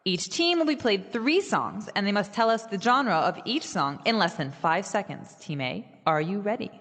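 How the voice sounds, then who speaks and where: A woman's voice: mid-range voice, animated, normal speed, a bit bright, long reverb tail. A woman playing an upbeat game show host in a scripted skit, announcing in a showy way.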